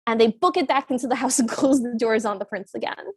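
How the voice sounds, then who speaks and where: A woman's voice: a little high, fairly even intonation, fast, few pauses, no room sound. A woman co-hosting a podcast, animatedly retelling a film scene in casual chat and voicing the characters in passing. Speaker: podcast co-host.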